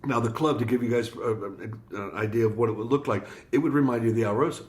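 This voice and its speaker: A man's voice: medium pitch, quick pace. A man from Florida, a guest musician on an interview podcast, telling a story and acting out the people in it. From Florida, USA. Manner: animated storyteller acting out quoted dialogue.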